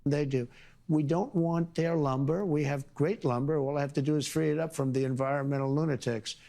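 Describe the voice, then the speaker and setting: A man's voice: on the high side, steady tone, fairly quick, warm tone. A man answering interview questions as president, in boastful, repetitive, rambling short phrases.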